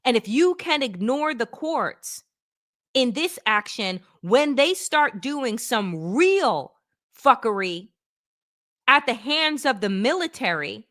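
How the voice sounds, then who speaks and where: Woman political show host, blunt and sarcastic, high lively voice, unhurried. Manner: emphatic, blunt, sarcastic, swears freely. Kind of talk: opinionated political commentary.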